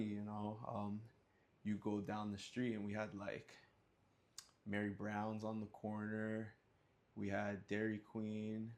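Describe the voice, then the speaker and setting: A man casually telling a personal story, animated, with slang and sudden high-pitched acted outbursts. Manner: animated, acts out scenes with sudden high yelps and sound effects; relaxed slang-laced talk.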